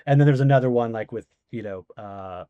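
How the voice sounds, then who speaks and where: Man in his 40s, middle pitch, dry close sound, loose anecdotal guest talk. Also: a little fast, smooth, no echo, narrow, tinny audio. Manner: rambling anecdotes with many fillers. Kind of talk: casual interview storytelling.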